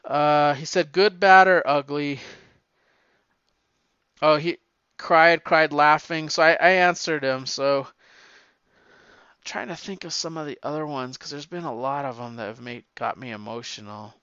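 A man's voice: fairly high pitch, measured pace, long pauses, sharp tone, smooth, dry recording, dull audio. A man talking casually and at length about comic books, rambling with stammered restarts and swearing freely. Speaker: comic book fan talking to a friend. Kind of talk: casual chat.

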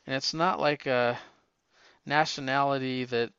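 A man's voice: medium pitch, fairly even intonation, measured pace, fairly bright tone, smooth, no echo, lo-fi sound. A man co-hosting a podcast, chatting casually about comics, rambling with restarts and laughs. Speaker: podcast co-host.

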